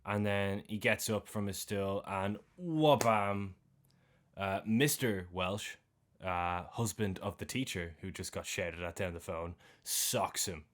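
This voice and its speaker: A man's voice: deep voice, slow pace. A young Irish man co-hosting a podcast, retelling a film's plot in a loose, chatty way with slang. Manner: retells scenes animatedly with slang and swearing. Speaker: podcast co-host. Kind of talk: casual film recap chat.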